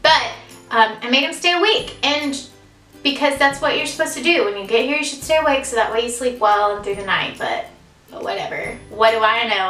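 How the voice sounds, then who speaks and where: Young woman in her twenties, bright and a bit high, chatty vlog storyteller who laughs at herself; echoey room, sitting back from the mic, soft music underneath. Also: distant mic. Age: 20s. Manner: chatty, giggly, self-deprecating, lots of fillers. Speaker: vlogger.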